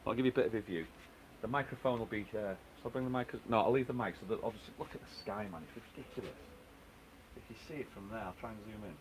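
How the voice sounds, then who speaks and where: Fast-talking low-voiced man. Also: a little hiss or hum. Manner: chatty, reads out viewer comments and answers them. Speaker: live-stream host. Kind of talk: casual live-stream chat. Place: outdoors on a home terrace. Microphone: microphone set down at a table.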